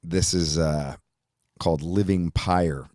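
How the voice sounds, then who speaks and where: A middle-aged man hosting a podcast, rambling through a profane, animated monologue. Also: sits low, slow pace, background noise. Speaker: podcast host. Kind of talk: casual chat.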